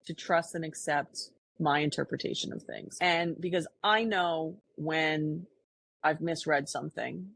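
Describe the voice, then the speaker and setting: Husky-voiced woman, low and earnest. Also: unhurried, fairly bright tone, no room sound. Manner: earnest and reflective, frequent restarts. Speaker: podcast co-host. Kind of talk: casual conversation.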